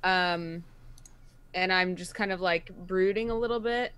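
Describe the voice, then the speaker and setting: A woman's voice: on the low side, measured pace, fairly bright tone, clean tone. A woman playing a tabletop game, hesitantly describing her character with lots of fillers. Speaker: player.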